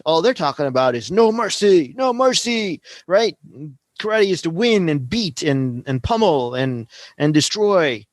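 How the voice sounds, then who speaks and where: Man in his forties, podcast host, rambling chatty storyteller, slightly high voice, dry close sound. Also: dry recording. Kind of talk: casual teaching talk.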